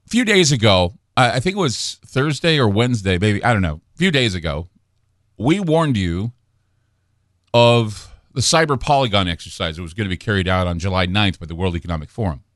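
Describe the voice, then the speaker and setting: A man hosting a late-night radio talk show, delivering a brooding, ominous monologue with dramatic pauses and restarts into a studio microphone. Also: on the low side, lively intonation, a bit bright, no room sound. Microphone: studio broadcast microphone.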